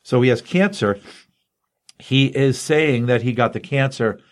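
Excitable man recapping a comic. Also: mid-range voice, a little slow. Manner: excitable storyteller, loose and rambling with fillers. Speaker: comic book podcast host. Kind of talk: casual chat retelling a comic.

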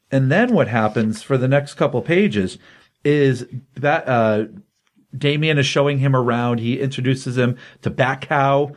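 A man running a comics podcast goes over a comic book story in an easygoing, conversational style, popping in and out of quoted lines. With a mid-range voice, he delivers animated storytelling and rapid voiced quotes.

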